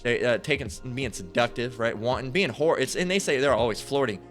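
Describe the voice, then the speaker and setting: A man's voice: medium pitch, a little fast, fairly bright tone, soft background music. A man preaching over a Bible passage in a crude, profane rant. He stammers, restarts often and keeps asking "right?". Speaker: street preacher.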